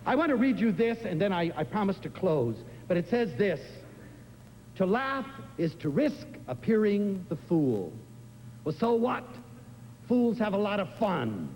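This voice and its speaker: An older man giving an inspirational lecture, telling stories in an animated, expressive way. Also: a little slow. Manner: expressive, animated storytelling with big swings in pitch. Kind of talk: inspirational lecture to a live audience. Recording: live lecture in a hall with faint room noise.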